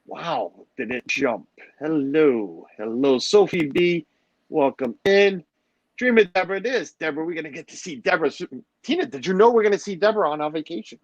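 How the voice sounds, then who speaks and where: A man's voice: a little high, animated, brisk, no room sound, highs cut off. A middle-aged man hosting a livestream, rambling and joking as he greets his chat. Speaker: livestream host. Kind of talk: casual chat with a live audience.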